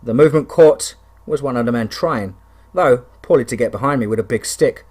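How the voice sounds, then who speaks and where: A man's voice: mid-range voice, fairly quick, a little mellow. Man narrating a wilderness horror story. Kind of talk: scripted first-person story narration.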